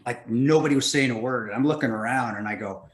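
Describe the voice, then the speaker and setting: A male guest telling a story in a casual interview, animated and laughing, slipping into other people's voices. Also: mid-range voice, a little fast, roomy sound.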